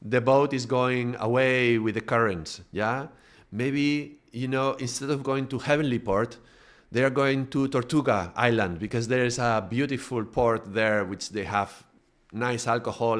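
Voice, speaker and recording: In this informal spiritual lesson, a male spiritual teacher speaks in a mid-range voice, a little slowly and with few pauses. His delivery is conversational, full of restarts and frequent tag questions.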